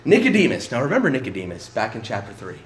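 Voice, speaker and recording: A man's voice: mid-range voice, wildly swooping pitch, fast talker, reverberant, slight background noise. A male pastor preaching a sermon in an emphatic, conversational way, often breaking off and restarting his sentences.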